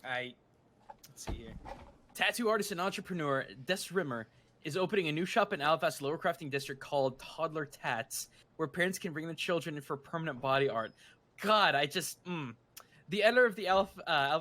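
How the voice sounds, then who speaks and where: A man co-hosting a stream, reading a paper aloud with halting restarts and joking asides. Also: a little high, pushed and bright. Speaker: stream co-host reading a fan newspaper aloud. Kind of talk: casual chat and reading aloud.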